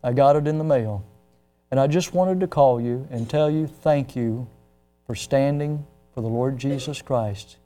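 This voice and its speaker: A man's voice: mid-range voice, unhurried, mellow, faint music behind, lightly acted. A preacher quoting a frail, earnest old man.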